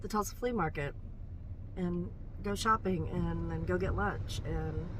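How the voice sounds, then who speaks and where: A woman's voice: fairly low pitch, unhurried. Middle-aged lady rambling to her camera, bummed out, car noise behind. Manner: disappointed, chatty, rambling. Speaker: vlogger. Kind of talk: casual vlog talk to camera. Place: in a car on a rainy day. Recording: noisy car recording.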